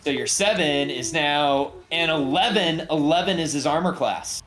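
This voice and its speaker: A man running a tabletop game as game master, relaxed and jokey. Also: on the high side, moderate pace. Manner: relaxed, jokey, voices bandits in passing.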